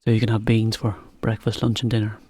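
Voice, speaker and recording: A man teaching to learners, talking in a relaxed, chatty way with a laugh now and then. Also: on the low side, quick pace, breathy edge, no room sound. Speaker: English teacher. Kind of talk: slow, clear explanation for learners.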